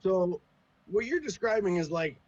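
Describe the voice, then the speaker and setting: A man's voice: high voice, animated, a little slow, darkish tone, highs cut off. A man who runs tabletop games, talking in a laid-back, profane way as a podcast guest. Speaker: podcast guest, game master. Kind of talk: casual chat.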